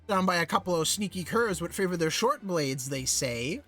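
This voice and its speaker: A streamer playing a greedy pirate slaver captain, bright forceful tone, dropped letters, video game. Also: medium pitch, animated, normal speed, soft background music, pitched below the performer's own voice. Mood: boastful. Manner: old-timey pirate dialect with dropped letters. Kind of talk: reading game dialogue aloud in character.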